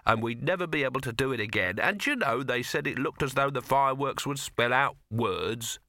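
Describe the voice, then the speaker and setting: A man's voice: mid-range voice, expressive, brisk, sharp tone, no room sound, studio quality. A man voicing a shrewd young man who needles with pointed understatement, in an audiobook reading. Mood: needling.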